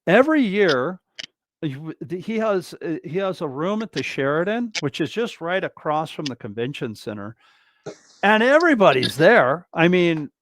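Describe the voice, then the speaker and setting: A man hosting a casual drummers' chat, telling stories in an animated way with many restarts. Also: a little high, normal speed, slight background noise. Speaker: host, drummer.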